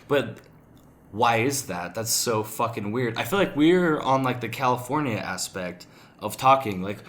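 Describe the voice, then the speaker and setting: A man's voice: medium pitch, animated, moderate pace, a bit bright. A young man co-hosting a podcast, chatting casually in a rambling, blunt way and swearing often. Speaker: podcast co-host. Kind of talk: casual chat.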